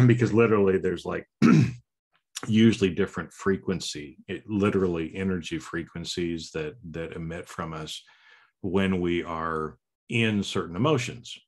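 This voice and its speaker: A man hosting a podcast in a casual conversation, animated and given to playful silly voices. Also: low voice, unhurried. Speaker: podcast host.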